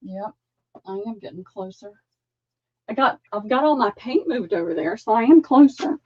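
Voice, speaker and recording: A woman hosting a live-stream sale, chatting and describing lace items slowly. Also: mid-range voice, lively intonation, darkish tone, husky, dry recording, muffled recording.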